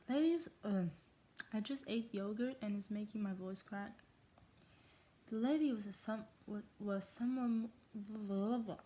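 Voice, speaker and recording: A woman's voice: medium pitch, unhurried, dark tone. A woman reading a novel aloud in a put-on English accent, often stumbling over words and breaking off for self-mocking asides. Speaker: reader. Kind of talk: casual read-aloud of a novel.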